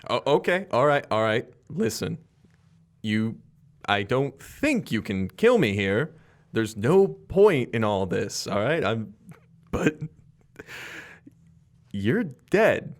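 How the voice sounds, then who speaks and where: A man's voice: on the low side, very animated, slow pace, pauses often, full character voice. A man voicing a cocky young male punk ghost who talks in slang and nervous, wheedling hedges.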